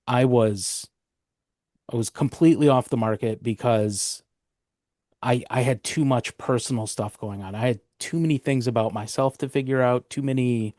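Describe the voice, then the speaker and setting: A man's voice: medium pitch, darkish tone, no room sound, studio quality. Thoughtful man on a podcast. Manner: thoughtful, hesitant, with fillers and restarts. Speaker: podcast co-host. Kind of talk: casual reflective chat.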